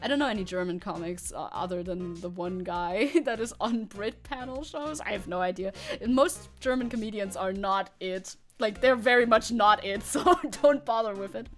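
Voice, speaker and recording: A woman's voice: mid-range voice, a bit bright, faint music behind. A young woman streaming a game, chatting casually with her chat and laughing often. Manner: giggly, chatty, quick to laugh. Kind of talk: casual gameplay commentary.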